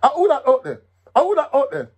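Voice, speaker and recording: A man voicing a gruff, suspicious armed soldier man with a Jamaican accent, calling out loudly. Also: wildly swooping pitch, quick pace, exaggerated voice. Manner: shouting high challenge.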